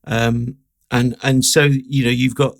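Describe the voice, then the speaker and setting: Gravelly middle-aged English man chatting. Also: mid-range voice, flat delivery, a little slow, dry recording. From southern England. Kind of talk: casual chat.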